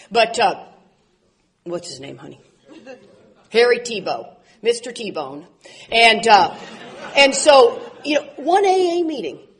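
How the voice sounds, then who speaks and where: A woman in her forties speaking at a recovery convention, telling animated stories with laughs and loud outbursts. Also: fairly high pitch. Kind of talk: speaker talk to an audience.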